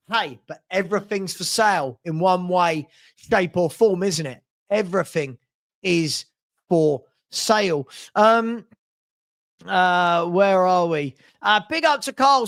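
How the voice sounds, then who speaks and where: Man, live-stream Q&A host, higher voice, blunt, repeats himself. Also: a bit bright. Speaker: host answering viewer questions.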